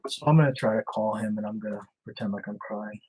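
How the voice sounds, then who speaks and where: A man's voice: on the low side, fast, a little mellow, slightly rough, rough recording. A man hosting a casual live stream, reading messages aloud, chuckling and answering viewers as he goes. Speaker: livestream host baiting scammers.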